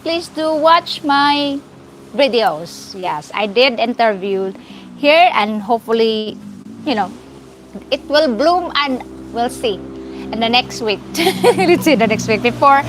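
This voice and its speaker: A woman's voice: a little high, slight background noise, poor audio. A woman with a Filipino accent hosting a casual live stream, greeting viewers by name and laughing often. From Philippines.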